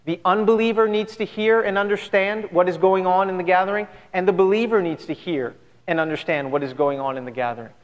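A man's voice: high voice, steady tone, brisk, dull audio. A man pastor giving an earnest, conversational sermon full of rhetorical questions to his church. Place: church sanctuary. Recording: long church hall reverb.

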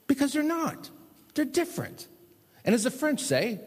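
Husky-voiced man preaching in a big hall. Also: a little high, a little fast. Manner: animated preaching, big swings between loud and hushed. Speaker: pastor. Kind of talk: sermon. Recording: long hall reverb.

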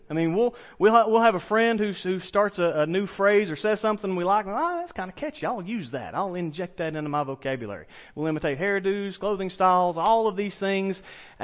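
A man with a Southern drawl from East Tennessee delivers a relaxed, homespun sermon, his voice sitting slightly high. He keeps turning to the congregation with questions. The church recording sounds muffled and lo-fi. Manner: folksy storytelling, poses questions to the congregation. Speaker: pastor. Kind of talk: conversational sermon. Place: church sanctuary.

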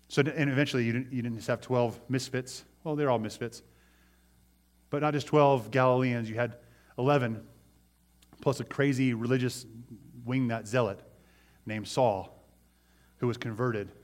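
A man, a pastor, preaching a conversational sermon. He asks his listeners questions and his voice often drops soft at the ends of phrases. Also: medium pitch. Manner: voice rises and falls widely in loudness, dropping soft at phrase ends.

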